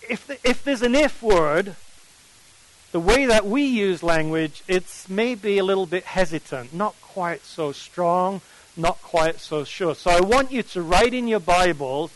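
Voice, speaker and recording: A man's voice: high-pitched, poor audio. A man with an English accent preaching at a morning Bible study, emphatic and often putting questions to his listeners. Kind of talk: sermon.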